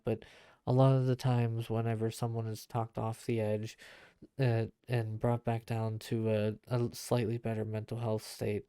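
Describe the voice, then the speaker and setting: A man's voice: mid-range voice, warm tone, smooth, dry recording, studio quality. A young man hosting a casual solo podcast, talking earnestly and bluntly with lots of fillers and restarts. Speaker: podcast host and streamer.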